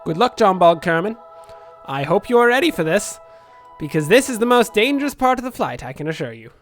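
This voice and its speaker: A man's voice: high-pitched, very animated, a little fast, soft background music. A man commentating on his own gameplay for a channel he hosts, joking in a dry, sarcastic way. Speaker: gaming channel host. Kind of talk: let's play game commentary.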